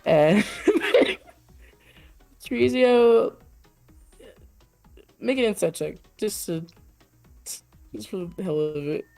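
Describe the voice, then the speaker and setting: A woman's voice: mid-range voice, lively intonation, extremely slow, gravelly, long pauses, warm tone, faint music behind. A woman narrating as game master for a tabletop game, hesitant with many fillers.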